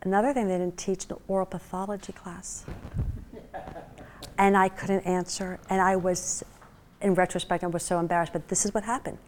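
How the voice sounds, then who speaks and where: A woman's voice: on the low side, flat delivery, moderate pace. A woman giving a talk to a class, telling a story in a chatty way, full of fillers, and acting out the voices of the people she quotes. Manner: chatty, with many fillers like "you know" and "like". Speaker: guest speaker.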